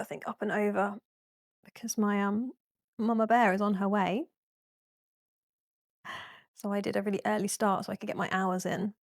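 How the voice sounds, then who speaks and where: A woman's voice: mid-range voice, vocal fry, dry recording, clean studio sound. A young woman teaching a casual guided yoga class, chatty and giggly, often apologizing through yawns.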